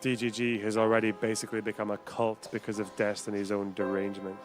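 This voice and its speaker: A man's voice: fairly low pitch, little pitch movement, fast talker, faint music behind. Profane, sardonic male streamer. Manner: profane, sardonic, thinking aloud. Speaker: streamer host. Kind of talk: casual live-stream commentary.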